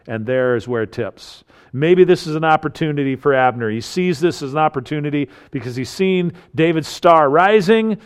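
Animated male Bible teacher. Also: normal speed, clean tone. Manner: animated, acts out quoted lines with rising pitch and force. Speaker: preacher.

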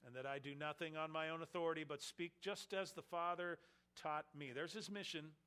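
A man's voice: a little high, steady tone, normal speed, sharp tone, clean tone. A man preaching an expository sermon, emphatic, with his volume swelling and dropping.

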